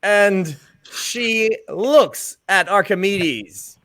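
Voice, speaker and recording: Slow, chuckling male game master. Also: high voice, expressive, a bit bright, no echo. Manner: unhurried, chuckling. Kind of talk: narrating a tabletop game.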